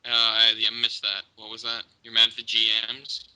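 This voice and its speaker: A man's voice: on the low side, monotone, normal speed, a crowd in the background, low-quality recording. A man co-hosting a casual wrestling podcast, teasing and argumentative. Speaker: podcast co-host.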